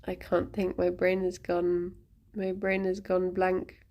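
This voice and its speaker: Woman streamer, casual rambling chat, slow and giggly. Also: fairly low pitch, monotone, highs cut off. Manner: rambling and giggly, laughing often.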